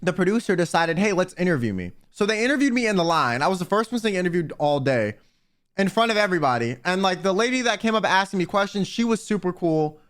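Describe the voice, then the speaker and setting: A man's voice: high voice, fast. A young American man telling a rambling story to his viewers, full of fillers and restarts. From United States. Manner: rambling, filler-heavy, animated quoting. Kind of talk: casual storytelling.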